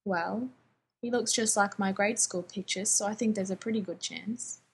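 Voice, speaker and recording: A woman voicing a weary, guarded male air force colonel who speaks softly and dryly. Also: mid-range voice, moderate pace, gravelly, husky.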